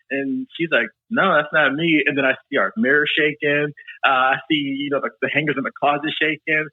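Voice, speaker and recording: A man chatting casually as a podcast guest, telling animated stories and laughing often. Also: fairly high pitch, normal speed, husky, no room sound. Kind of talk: casual chat. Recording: tinny phone-like line.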